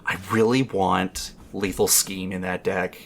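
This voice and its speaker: A man's voice: sits low, little pitch movement, a little slow, vocal fry, fairly bright tone, slight background noise. A man on a podcast panel, casually telling a long, rambling story full of fillers and swearing.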